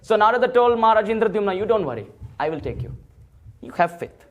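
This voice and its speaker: A man's voice: high voice, big pitch swings, fast talker, dull audio. A man giving a temple sermon, telling a sacred story and acting out the dialogue of its figures. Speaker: temple speaker. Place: temple hall.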